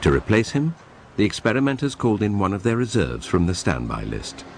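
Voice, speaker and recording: A man narrating a documentary in a measured, dramatic scripted read. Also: fairly low pitch, huge pitch swings, gravelly, a little hiss or hum.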